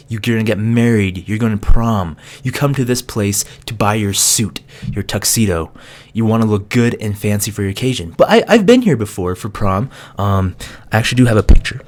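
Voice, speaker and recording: A young man, a college student, casually telling a funny story to camera, laughing and acting out voices. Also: mid-range voice. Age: young adult. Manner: animated, laughing, acts out voices. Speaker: vlogger.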